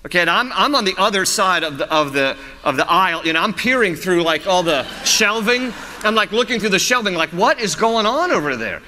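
A man preaching a sermon as a pastor, animated and storytelling, often restarting his phrases. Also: high voice, a little fast, long reverb tail, a little hiss or hum.

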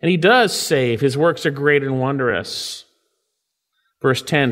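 A man preaching a sermon, reading scripture slowly and with weight, swinging between raised, emphatic lines and low, hushed ones. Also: big-room sound. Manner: reads scripture aloud with slow, weighty emphasis. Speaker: pastor.

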